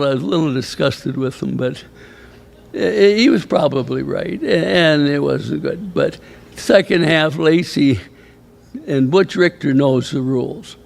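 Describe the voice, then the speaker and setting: Older male former coach, gravelly, slightly high voice, meandering anecdotal speaker. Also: darkish tone. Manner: rambling anecdotal storyteller, chuckling, quoting others. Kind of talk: storytelling speech at an awards ceremony. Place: banquet hall at a ceremony.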